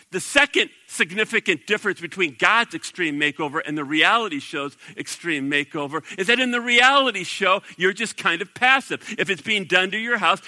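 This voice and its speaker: A man preaching a sermon as pastor, animated and acting out the voices of the people he quotes. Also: sits high, dry recording, rough recording.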